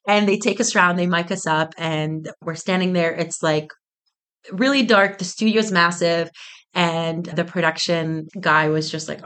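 A young woman in her twenties, a business co-founder, telling a story in an interview with animated delivery, frequent laughter and lots of "like" fillers. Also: fairly low pitch, normal speed. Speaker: guest, tea business co-founder.

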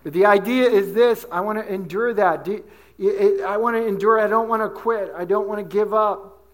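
A male pastor with a fairly high voice preaches to his church. He tells everyday stories, acts out quotes, and keeps asking the congregation questions. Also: moderate pace. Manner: animated storytelling with asides and acted quotes. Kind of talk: sermon.

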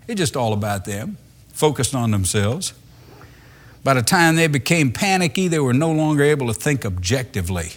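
Man, preacher, sermon delivery; conversational and dramatic, with pitch that swings widely. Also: a little fast. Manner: lively and conversational, acts out voices with laughter.

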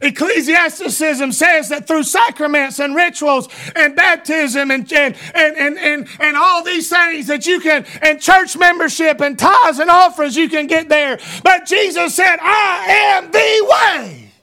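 A man preaching a fervent sermon, often shouting and stumbling over repeated words. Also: very high-pitched, fairly even intonation, a little slow, few pauses.

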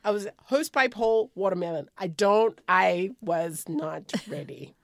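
A woman's voice: fairly low pitch, normal speed, no room sound. A woman co-hosting a podcast in casual chat, telling stories with frequent laughter. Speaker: podcast co-host.

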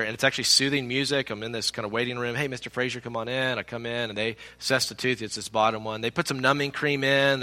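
A man preaching a sermon as pastor, telling a personal story in an animated way and acting out the people in it. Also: mid-range voice. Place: church sanctuary. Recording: long reverb of a large hall.

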